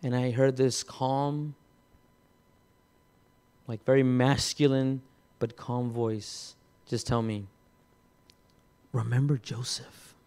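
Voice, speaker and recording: A man preaching, telling a personal story in a halting way, with many repeated words and restarts. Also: mid-range voice, little pitch movement, mellow, clear, resonant tone. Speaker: pastor. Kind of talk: sermon testimony.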